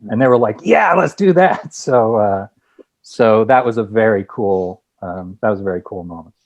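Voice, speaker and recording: A man who is a guest screenwriter and director, telling lively anecdotes with many restarts in a casual interview. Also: lowish voice, normal speed, lo-fi sound.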